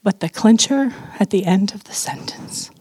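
Animated woman giving a candid testimony. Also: mid-range voice, moderate pace, breathy edge, in a whisper. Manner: animated, candid, laughs often, swings between earnest and playful. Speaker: speaker sharing her testimony. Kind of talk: testimony talk to a women's audience.

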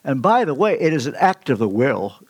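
An older man preaching a sermon, telling stories with emphatic swings in pitch. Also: big pitch swings, brisk, dry recording. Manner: storytelling, emphatic with sudden pitch leaps.

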